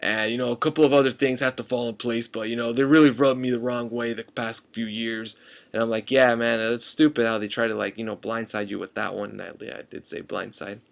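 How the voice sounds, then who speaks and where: Gravelly, quick-talking young male fan. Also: mid-range voice. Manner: excited, rambling, many fillers and restarts. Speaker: fan vlogger. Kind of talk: casual storytelling vlog.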